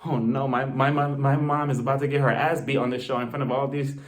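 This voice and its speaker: A man's voice: medium pitch, level tone, fast talker, natural voice. Man doing a flustered college daughter. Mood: anxious. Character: anxious college-age daughter.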